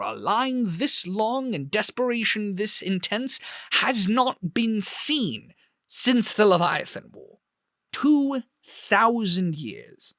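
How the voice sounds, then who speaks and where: A man voicing a huge, earnest male statesman who speaks in formal, measured oratory. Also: high-pitched, a bit bright, dry recording, studio quality, voice pushed up, full character voice.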